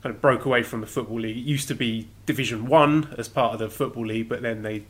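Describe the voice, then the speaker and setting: A man's voice: medium pitch, quick pace. Chatty British man hosting a podcast. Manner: chatty, animated, trailing off with fillers. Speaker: podcast host. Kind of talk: casual chat.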